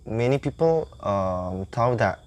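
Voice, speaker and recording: A man's voice: on the low side, lively intonation, slow pace, no room sound. A young Indonesian man with an Indonesian accent, a university English student, chatting casually and searching for words. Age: young adult.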